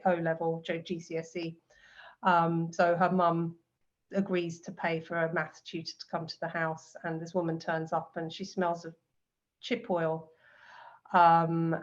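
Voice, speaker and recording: A woman, a novelist in a live festival conversation, talking in a chatty, animated way with frequent ums and little laughs. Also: fairly low pitch, dull audio. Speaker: novelist guest.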